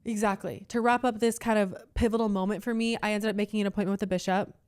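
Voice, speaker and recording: A woman's voice: medium pitch, steady tone, quick pace, a little mellow, clear, resonant tone. A young woman hosting a podcast, telling a personal story in an earnest, emotional way. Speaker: podcast host. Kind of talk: candid personal chat.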